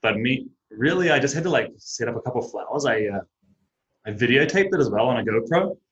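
A man's voice: mid-range voice, fast talker. Chatty New Zealand man, lo-fi. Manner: chatty storyteller, relaxed and self-mocking. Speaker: guest, baseball pitcher and teacher. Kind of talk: casual podcast chat. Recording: dull lo-fi audio.

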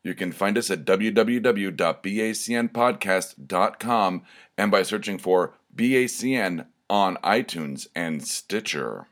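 Young guy ranting on his solo podcast, kinda low voice, a bit buzzed, keeps tripping over words. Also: unhurried. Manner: rambling, worked up, swearing, stammering restarts. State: slightly tipsy from drinking shots. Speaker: podcast host. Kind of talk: casual solo podcast monologue.

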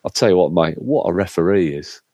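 A middle-aged man telling a lively story in casual chat, acting out what others said. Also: deep voice, fast talker, no room sound. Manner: animated storyteller, acts out quotes. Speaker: co-host.

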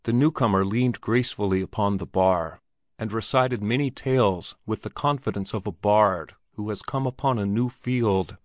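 A man reading an old Western short story aloud in a measured, descriptive way. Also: on the low side, no echo, clean studio sound. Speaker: narrator. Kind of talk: audiobook narration.

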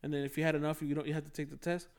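A man's voice: fairly high pitch, little pitch movement, very fast, creaky, clear, resonant tone. A young man in casual chat, telling a school story full of swearing and laughter.

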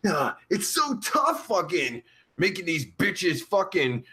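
A man's voice: very animated, slow, sharp tone, full character voice. A man playing a crude, boastful adult male pimp in an improvised live-chat comedy rant. He has a sore throat, and his talk is vulgar and rambling. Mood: sleazy. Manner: vulgar, rambling, swings pitch up and down. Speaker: live-stream comedy host in character.

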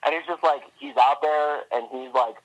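A man's voice: medium pitch, normal speed, poor audio. A man talking as a guest on a podcast, chatty and upbeat, filling his sentences with "like" and "you know". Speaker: podcast guest, endurance runner. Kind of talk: casual interview chat.

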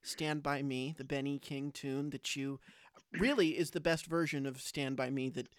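A man's voice: mid-range voice, steady tone, normal speed, smooth, no echo, studio quality. A man hosting an interview, asking about the guest's career and affirming him often. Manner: affirming, admiring, frequent "mm-hmm". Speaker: podcast host. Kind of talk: interview questions.

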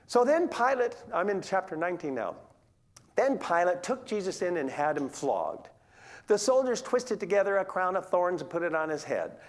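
A preacher teaching through a Bible passage in a relaxed, conversational way, paraphrasing scripture in everyday words and putting questions to the listeners. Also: medium pitch. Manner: animated, asks the audience questions.

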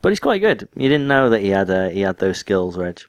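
A man's voice: low-pitched, big pitch swings, dry recording, studio quality. A man co-hosting a podcast in casual chat, teasing his friend and cracking jokes. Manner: teasing, quick reactions and jokes. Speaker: podcast co-host.

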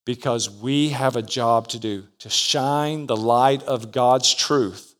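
A man preaching a sermon as pastor, dynamic, acting out the voices in his story and calling out for amens. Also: medium pitch.

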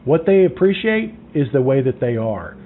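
Energetic man coaching over a tinny line. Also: moderate pace, a little hiss or hum. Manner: animated, acts out phone calls, drops to a low voice. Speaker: sales trainer. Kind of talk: sales coaching talk. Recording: tinny phone-like sound.

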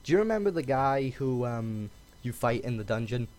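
Animated man in casual gaming chat. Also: mid-range voice, normal speed. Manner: animated, laughs often, acts out voices. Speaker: podcast co-host.

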